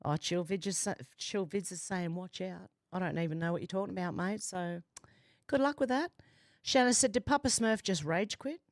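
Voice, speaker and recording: A woman's voice: medium pitch, moderate pace, no echo, clean studio sound. A woman hosting a casual livestream from home, reading viewer comments aloud in a chatty, amused way. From Australia. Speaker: livestream host reading chat. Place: home, doors and windows open.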